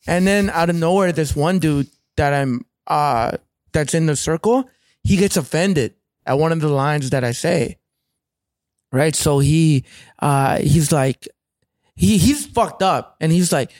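A Canadian man tells a rowdy story in a high, lively voice, swearing freely and slipping into other people's voices. The sound is close and dry, with no room around him. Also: unhurried, no echo. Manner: profane, animated, acts out other people's voices. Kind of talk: casual storytelling.

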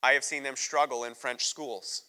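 An American man, a guest missionary, delivers a sermon full of candid, emotional personal storytelling at normal speed. His voice is strikingly bright and medium-pitched, with fairly even intonation. A long reverb fills the church sanctuary around him.

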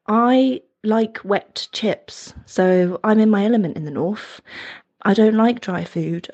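A woman's voice: mid-range voice, darkish tone. A woman from northern England records a chirpy voice message for a podcast. She chats casually and uses playful slang. The recording sounds dull and lo-fi, like a phone voice note. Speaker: listener sending a voice note.

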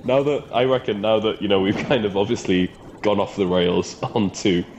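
A young man with a very low voice co-hosts a casual podcast, rambling and breaking into giggles. His talk wanders and restarts. A faint noise hums under the recording. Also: moderate pace, lo-fi sound. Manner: giggly, rambling, laughs often. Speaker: podcast co-host. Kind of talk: casual comedic chat.

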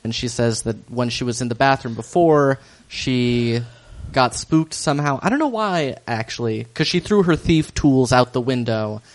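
A man's voice: mid-range voice, animated, moderate pace, poor audio. A man hosting a casual podcast chat, recapping a story with filler ums and easy chuckles. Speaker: podcast host recapping an episode.

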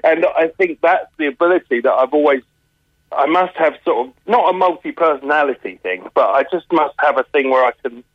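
A man, a touring comedian from the UK, chatting in a radio interview over the phone, animated and laughing often. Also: on the high side, brisk, no room sound. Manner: animated, laughs often, slips into mimicked accents. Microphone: telephone. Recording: muffled phone line.

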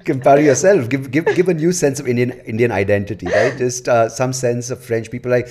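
A man's voice: medium pitch, moderate pace. A man hosting a podcast interview, joking around and laughing often as he asks questions. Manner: joking, laughs a lot, animated. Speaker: podcast host.

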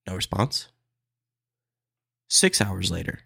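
A man hosting his own podcast, ranting in a casual, animated way and calling listeners "dude" and "man". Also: low voice, normal speed, vocal fry, long pauses, breathy edge, no echo, studio quality. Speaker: podcast host. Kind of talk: solo casual podcast rant.

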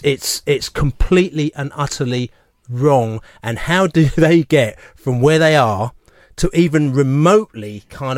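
A man's voice: mid-range voice, dry recording. Bloke rambling thru a story on radio, mid voice, dry close studio sound, does the voices of people he quotes. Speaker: fan show regular. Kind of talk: casual radio chat, storytelling. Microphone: studio microphone.

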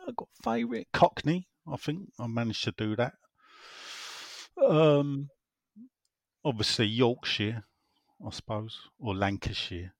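A man with a medium-pitched voice and vocal fry hosts a casual football fan chat, animated yet unhurried, with long pauses. The recording has no room sound, and he rambles and repeats himself as he reads listener messages.

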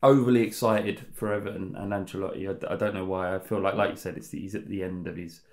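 A man co-hosting a podcast, thinking out loud in casual chat and often repeating words. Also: deep voice, steady tone, fast, reverberant. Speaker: podcast co-host.

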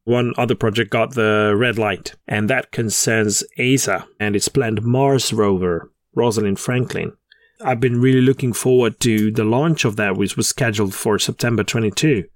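A man's voice: on the low side, moderate pace, dry recording, studio quality. A man co-hosting a podcast in casual chat. He jokes, laughs at his own puns and often restarts his sentences. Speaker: podcast co-host.

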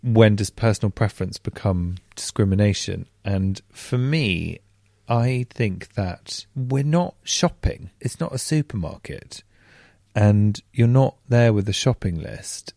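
A man hosts a podcast in a relaxed, earnest way, leaning on fillers as he talks. His voice is low-set and mellow. The sound is close and dry. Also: unhurried, gravelly, no echo. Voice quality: chatty, earnest, uses many fillers. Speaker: podcast host. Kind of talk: casual chat. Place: at home in bed.

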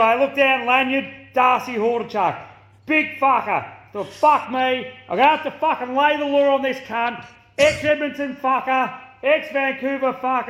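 A man's voice: extremely high pitch, fairly bright tone, echoey room. A man voicing a rowdy, foul-mouthed Australian bloke with an Australian accent, telling a boozy story in a played-in clip. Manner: boisterous, swearing constantly, beer-soaked storytelling. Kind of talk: recorded comedy character bit.

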